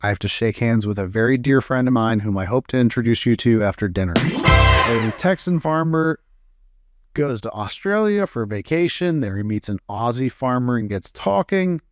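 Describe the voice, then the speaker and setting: A man's voice: mid-range voice, animated, normal speed, no room sound, studio quality. A man reading a string of jokes aloud in a plain storytelling way, with frequent "uh" fillers. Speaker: joke reader.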